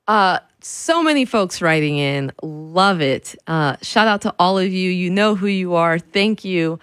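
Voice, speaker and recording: Radio host, woman, lowish pitch, dry studio sound, chatty and loose. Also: lively intonation, unhurried, smooth, no room sound. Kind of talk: casual radio chat.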